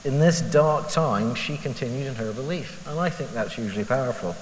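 A man's voice: medium pitch, brisk. A man speaks as a lay preacher, thinking aloud about scripture and questioning himself with frank, self-deprecating honesty. His voice rings around a large hall with a long tail of reverb. A faint hiss sits underneath. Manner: candid, self-deprecating, asks rhetorical questions. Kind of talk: conversational Bible reflection.

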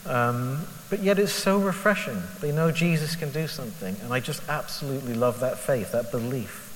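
A man's voice: medium pitch, normal speed. Man musing in an echoey hall. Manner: candid, self-deprecating, asks rhetorical questions. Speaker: lay preacher. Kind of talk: conversational Bible reflection. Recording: echoey hall with faint hiss.

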